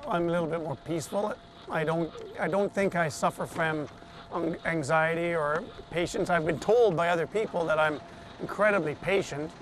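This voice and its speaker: High-voiced man telling a story. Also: normal speed. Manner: animated retelling that acts out quoted voices. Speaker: interviewee, survivor telling his story. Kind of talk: personal storytelling in a TV interview.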